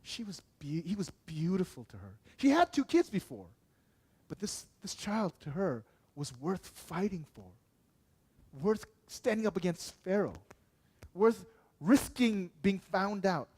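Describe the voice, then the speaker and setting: A man's voice: sits high, very animated, unhurried, a little mellow, breathy edge. A man preaching a sermon as pastor in a conversational way, often asking the congregation questions and checking in with "okay". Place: church.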